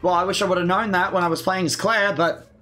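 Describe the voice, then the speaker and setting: A man with a fairly high voice talking his way through a video game, sarcastic and quick to mock himself. Faint noise hums under the recording. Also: fairly even intonation, pushed and bright. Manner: sarcastic, self-mocking, swearing. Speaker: let's play gamer. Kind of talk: casual gameplay commentary.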